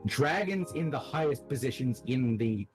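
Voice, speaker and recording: A man's voice: mid-range voice, moderate pace, soft background music, rough recording. A man acting as game master, casually explaining the setting of his game. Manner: lively, explanatory.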